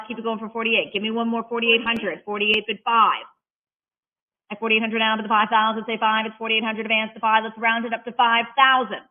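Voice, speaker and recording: An auctioneer calling bids at a live auction in a rapid-fire chant, mixing in playful patter between the numbers. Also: medium pitch. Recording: tinny phone-like audio.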